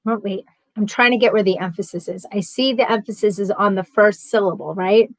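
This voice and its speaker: A woman's voice: medium pitch, brisk, no echo. A woman with a New York accent chatting casually as a livestream host, reading chat messages aloud and rambling with frequent laughs.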